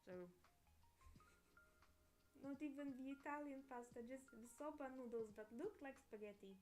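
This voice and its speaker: A young woman from Poland with a Polish accent, chatting casually while drawing, hesitant with many pauses and restarts. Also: high-pitched, a little mellow, soft background music. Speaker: artist streaming while drawing. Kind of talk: casual chat.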